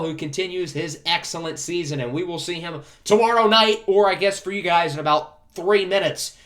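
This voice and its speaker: Excitable young man calling game highlights. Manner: excitable sportscaster calls, rising on big hits. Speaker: gaming YouTuber. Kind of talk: play-by-play commentary of a video game.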